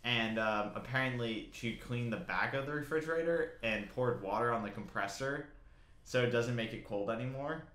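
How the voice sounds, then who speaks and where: A man's voice: medium pitch, normal speed, fairly bright tone. A young man chatting casually as a podcast co-host, telling rambling stories with fillers and frequent laughs. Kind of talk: casual chat. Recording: roomy echo.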